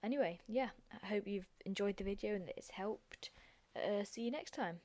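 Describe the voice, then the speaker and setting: A young woman with a croaky, hoarse voice, hosting a chatty, self-deprecating revision lesson. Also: mid-range voice, normal speed, mellow. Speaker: revision video host.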